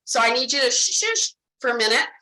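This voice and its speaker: A woman with a bright, forceful, fairly high voice runs a sales training talk. She speaks directly and animatedly to her listeners and plays out her client conversations line by line. The room around her rings with a noticeable echo. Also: quick pace. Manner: animated, direct, addresses audience as "guys".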